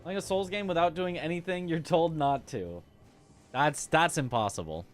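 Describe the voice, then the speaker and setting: A man's voice: fairly high pitch, normal speed, faint music behind. A young man streaming a game, chatting casually with his chat, laughing often and musing aloud about how words are pronounced. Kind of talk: casual livestream chat while gaming.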